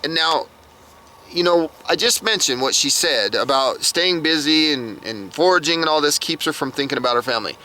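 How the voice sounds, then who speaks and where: A man's voice: on the high side, expressive, normal speed, sharp tone, a little hiss or hum. A man recapping a TV episode from his notes in a chatty, reactive way. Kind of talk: casual recap monologue.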